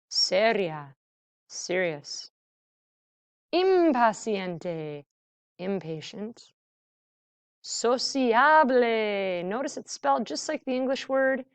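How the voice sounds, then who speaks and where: A woman teaching a Spanish vocabulary lesson, saying each word slowly and giving its English meaning. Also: mid-range voice, clean tone, no echo. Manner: slow, deliberate word-by-word modeling with English glosses.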